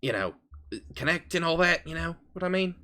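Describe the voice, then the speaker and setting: An eager hive mind that has just taken over a fungus body, as a man plays it at the table. He rambles through his thoughts with plenty of fillers, and his pitch swings all over the place. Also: expressive, fairly quick, sharp tone. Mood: musing. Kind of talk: tabletop role-play.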